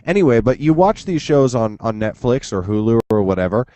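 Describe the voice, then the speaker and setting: A man's voice: mid-range voice, very animated, fairly quick, mellow. A man hosting a podcast in casual chat, enthusiastic and rambling, swearing now and then. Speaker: podcast host.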